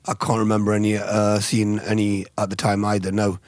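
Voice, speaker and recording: A middle-aged man, a former boxer, telling his story in an earnest, measured way with some hesitations. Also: fairly low pitch, completely flat delivery, no room sound. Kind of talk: interview answers, storytelling.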